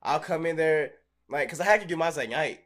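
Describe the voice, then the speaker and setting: A young man co-hosting a casual podcast, telling stories with lots of swearing and frequent laughter. His voice sits a bit higher than most men's. He talks loosely and vividly, acting out the moments he describes. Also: a little fast. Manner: animated storyteller, swears freely, laughs often. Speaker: podcast co-host. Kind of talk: casual chat.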